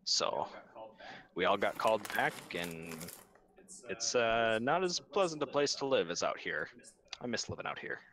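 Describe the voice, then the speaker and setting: A man playing a worn-out dwarf exile, low voice that still sounds bright, rambles along full of ums, tabletop game npc. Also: lively intonation, measured pace, slight background noise. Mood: wistful. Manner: rambling, hesitant with many ums. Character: male dwarf exile, weary and wistful.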